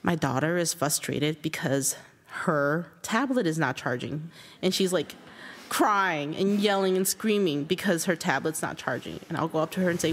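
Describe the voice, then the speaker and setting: A woman telling a personal story in a reflective, halting, earnest way. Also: fairly low pitch, big-room sound, slight background noise. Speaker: interviewed writer.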